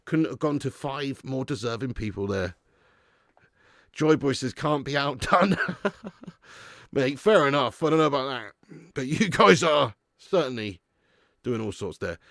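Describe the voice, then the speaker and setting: A man's voice: mid-range voice, expressive, a little slow, pauses often, fairly bright tone, dry recording, studio quality. A man hosting a live football watch-along, joking and laughing as he thanks viewers for super chats.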